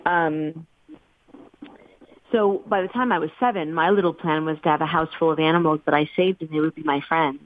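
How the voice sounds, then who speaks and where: A woman's voice: sits low, fairly even intonation, fairly quick. A middle-aged woman telling her life story as an interview guest, earnest and emotional. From United States. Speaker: guest, animal sanctuary founder. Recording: tinny phone-line sound, dry.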